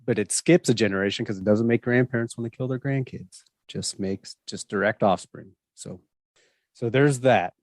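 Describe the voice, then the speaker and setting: A man's voice: lowish voice, normal speed, a little mellow, no room sound, studio quality. A man hosting a podcast in casual chat, rambling and slangy. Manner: rambling, slangy, full of fillers. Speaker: podcast host.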